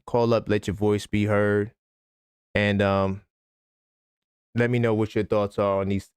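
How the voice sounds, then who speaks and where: A man hosting a live sports talk stream, ranting casually with lots of fillers and sudden jumps in pitch. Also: smooth, dry recording, clean studio sound. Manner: animated, conversational, frequent fillers. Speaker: sports talk livestream host.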